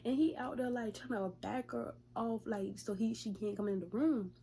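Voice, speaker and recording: A young woman vlogger in casual storytime, retelling events in a profane, chatty, lively way. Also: fairly high pitch, normal speed, slight background noise.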